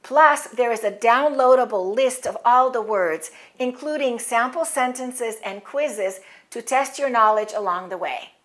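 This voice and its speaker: Woman ESL teacher, fairly high-pitched, precise deliberate diction. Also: fairly bright tone. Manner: clear, deliberate enunciation with model words for repeating. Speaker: English teacher. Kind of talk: scripted pronunciation lesson.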